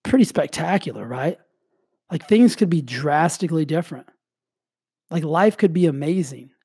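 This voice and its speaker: Male motivational speaker, warm low-toned delivery, casual and fired up, slight cough, dry close sound. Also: normal speed, husky, no echo. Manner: energetic, casual, heavy use of "like". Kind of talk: motivational monologue.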